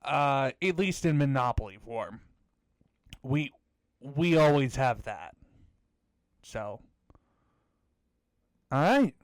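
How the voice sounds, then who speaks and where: A man's voice: medium pitch, animated, slow pace, pauses often, no echo. A man hosting a podcast in casual chat, rambling with many fillers and self-mocking jokes. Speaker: podcast host.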